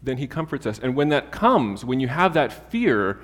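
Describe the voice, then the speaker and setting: A man's voice: mid-range voice, sing-song, normal speed, fairly bright tone, long reverb tail. A man preaching a sermon in an easygoing, humorous way, mixing everyday stories and asides with Bible readings.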